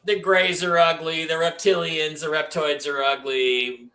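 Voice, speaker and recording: A man hosting a casual panel talk show, brash and profane, telling animated stories and putting questions to his guests. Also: fairly high pitch, unhurried, low-quality recording. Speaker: host.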